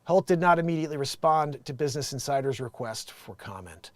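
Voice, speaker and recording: A man's voice: fairly high pitch, animated, a little fast, no echo. A man hosting a casual online show, reading news stories and riffing on them with jokes. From United States. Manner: joking, acts out quotes. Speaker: vlog host reading news.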